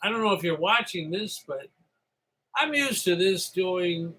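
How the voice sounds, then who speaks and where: A man's voice: high-pitched, expressive, a little slow, pushed and bright, husky, poor audio. A middle-aged man from upstate New York hosting a solo live stream, rambling and chatty after a few drinks. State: slightly tipsy.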